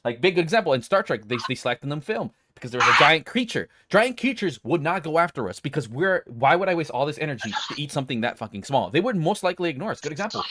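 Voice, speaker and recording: A man goes off in a fast, heated podcast rant, swearing freely and tripping over his own restarts. His voice swings all over the place and sits a little high for a man. The sound is close and dry, with no room in it. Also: big pitch swings, sharp tone, no room sound. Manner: profane, heated, opinionated, rambling with restarts. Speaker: podcast co-host. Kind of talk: casual rant.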